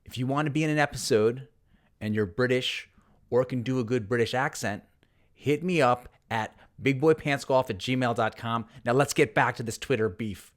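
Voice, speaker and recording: A man's voice: medium pitch, normal speed. A man hosting his own golf channel, telling a story and reading posts aloud in a sarcastic, mock-dramatic way. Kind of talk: narrated commentary reading tweets aloud.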